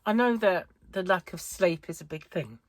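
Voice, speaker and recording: On her casual crochet chat vlog, a middle-aged woman from the United Kingdom speaks on the low side at a moderate pace, with no echo. Her chest is wheezy, and she rambles wearily, often cutting herself off.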